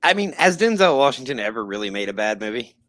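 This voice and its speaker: A man's voice: mid-range voice, sing-song, quick pace, a bit bright. A man co-hosting a casual livestream podcast, trading easygoing banter about movies. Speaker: podcast co-host.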